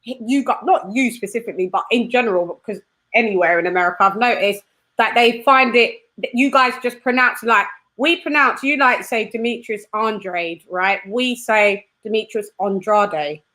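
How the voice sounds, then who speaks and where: Chatty uk lady hosting a live stream, kinda high voice, laughs a lot. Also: normal speed, pushed and bright. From United Kingdom. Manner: bubbly, chatty, laughs often. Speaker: host. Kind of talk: casual live-stream chat.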